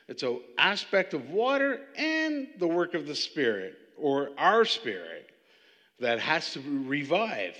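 A man teaching from the Bible in a conversational, animated way, often restarting his sentences. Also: mid-range voice, big-room sound. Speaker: preacher.

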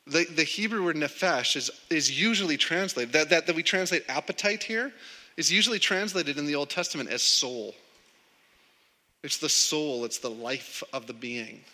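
A man's voice: a little high, moderate pace, sharp tone. A man preaching a sermon in a conversational way, often repeating words as he starts a sentence. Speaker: pastor. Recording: long hall reverb.

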